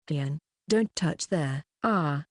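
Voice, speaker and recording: A woman's voice: low-pitched, expressive, slow pace, dry recording, clean studio sound, exaggerated voice. A woman voicing a flustered teenage schoolgirl.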